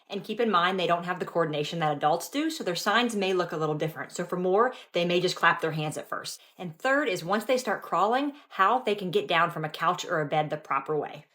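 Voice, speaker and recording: A woman's voice: fairly low pitch, fairly bright tone. A young woman and mother giving casual parenting tips in an upbeat, instructive way.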